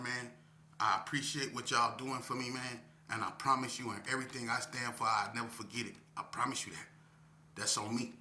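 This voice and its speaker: A man in his fifties talking casually to the camera. He is reflective and unhurried, peppers his talk with "man," and speaks to viewers as y'all. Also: mid-range voice, sharp tone, roomy sound, a little hiss or hum. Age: 50s. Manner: reflective, drawn-out, often ends phrases with "man" and addresses viewers as y'all. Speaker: vlogger.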